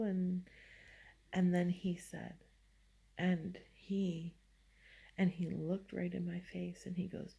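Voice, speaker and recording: A woman talks slowly through a personal story, her voice gravelly and a little husky. She stops and restarts often, with plenty of fillers along the way. The tone is dark and mellow, and the pitch sits on the low side. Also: level tone. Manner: hesitant, rambling, many fillers and restarts. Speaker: vlogger.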